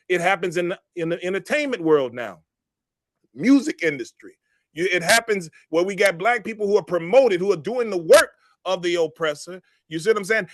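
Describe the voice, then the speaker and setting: A man's voice: sits high, a bit bright, dry recording, studio quality. A man hosting a reflective discussion, earnest and repeating words as he thinks. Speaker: host.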